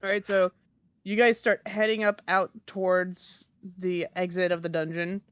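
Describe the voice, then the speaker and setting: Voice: medium pitch, little pitch movement, normal speed, a bit bright, clear, resonant tone, no room sound. A game master narrating a tabletop game, describing scenes with some hesitation and fillers.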